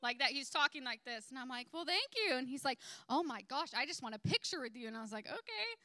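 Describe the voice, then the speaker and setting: A woman's voice: high-pitched, fast talker, dry recording. A young woman giving a casual church testimony, telling a story with lots of "like" and quoting people in different voices. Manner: animated storytelling with quoted voices and many "like"s.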